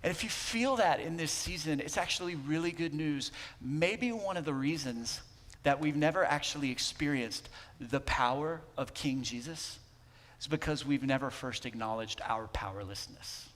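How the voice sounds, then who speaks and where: A man preaching a sermon as pastor, talking conversationally and swinging between emphatic lines and hushed ones. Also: a little high, moderate pace, big-room sound. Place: church sanctuary.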